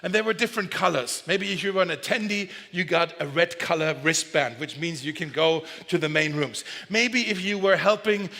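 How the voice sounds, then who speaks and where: A man with a high, sharp-toned voice preaches at normal speed with few pauses. He is a pastor whose sermon is relaxed and joking, with frequent self-corrections, recorded in a large church hall with long reverb.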